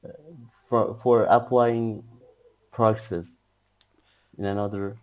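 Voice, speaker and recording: A man student asking a question haltingly, searching for words, through a low-quality webcam on a video call. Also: flat delivery, darkish tone, clear, resonant tone.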